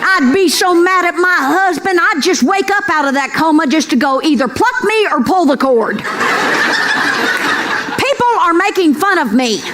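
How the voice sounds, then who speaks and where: This middle-aged stand-up comedian works a comedy club crowd with sassy, folksy humor, addressing them as "girls" and calling for amens. She speaks in a very high, animated voice at a moderate pace. Laughter and room noise from the audience fill the live recording.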